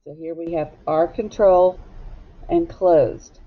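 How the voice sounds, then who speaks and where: A woman's voice: lowish voice, steady tone. A woman teacher leading a recorded phonics lesson for young students, speaking patiently and asking them to echo words back. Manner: slow, patient, asks pupils to echo words. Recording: slightly dull, lo-fi recording.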